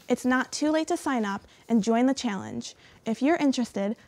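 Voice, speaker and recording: A young female co-anchor with a slightly high voice reads campus announcements clearly and brightly. The sound is dry and close, with no room echo. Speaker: news co-anchor. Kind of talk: college TV newscast.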